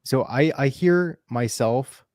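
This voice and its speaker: A man co-hosting a casual podcast roundtable, relaxed and affirming and quick to laugh. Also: medium pitch, dry recording, studio quality. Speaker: podcast co-host.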